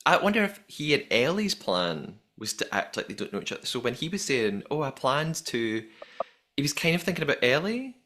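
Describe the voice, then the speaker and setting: A man's voice: on the high side, sing-song, quick pace, few pauses, sharp tone. A man hosting a podcast, chatting casually and animatedly, often laughing as he retells scenes. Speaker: podcast host. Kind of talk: casual chat recapping a reality show.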